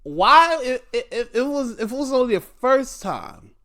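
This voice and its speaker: A man's voice: extremely high pitch, a little slow. A man hosting a podcast, casually recapping wrestling matches with lots of sighs and swearing. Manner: animated, swearing, frequent sighs. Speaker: podcast host.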